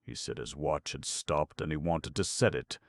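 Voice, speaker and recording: A man's voice: extremely low pitch, moderate pace, creaky. A man reading the part of a young hotel hall boy, giving blunt, matter-of-fact answers. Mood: plain.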